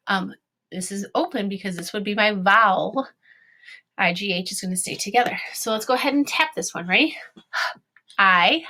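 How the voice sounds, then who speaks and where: A woman teacher giving an online phonics lesson to young children, sounding out words slowly and cheering them on. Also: mid-range voice, pushed and bright.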